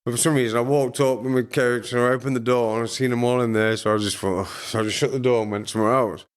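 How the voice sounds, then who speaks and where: A man's voice: mid-range voice, steady tone, quick pace. A former boxer chatting as a podcast guest, telling crude, funny stories and laughing as he goes. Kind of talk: casual storytelling chat.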